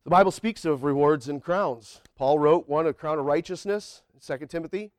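A man delivers a sermon to a church congregation, talking to them plainly and colloquially. His voice sits high for a man and the recording is dry and close. When he acts out a prayer, he climbs up toward a near-shout. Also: normal speed, clean tone, dry recording. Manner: colloquial, says y'all and man. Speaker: preacher. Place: church sanctuary.

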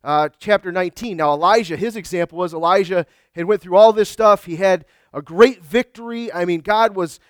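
A man's voice: high-pitched, a little fast, hardly any pauses, no echo, clean studio sound. A man preaching a sermon as pastor, earnest and emphatic, with frequent restarts. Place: church sanctuary.

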